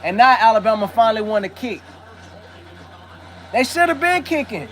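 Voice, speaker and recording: A man's voice: sits high, big pitch swings, moderate pace, a bit bright. A man hosting a livestream, giving heated and profane sports commentary in a brash, rambling way with restarts. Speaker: livestream host. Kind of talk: live sports commentary chat.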